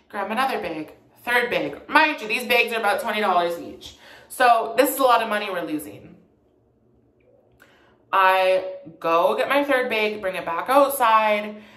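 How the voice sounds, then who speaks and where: A woman's voice: medium pitch, sharp tone. A young woman casually telling a retail storytime, chatty and sassy, in an echoey room. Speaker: vlogger.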